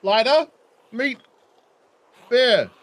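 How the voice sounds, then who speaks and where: Lively, swearing New gamer. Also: mid-range voice, very slow, a little hiss or hum. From New Zealand. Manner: swears freely, laughs often, chatty and joking. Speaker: game streamer. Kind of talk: casual gameplay commentary.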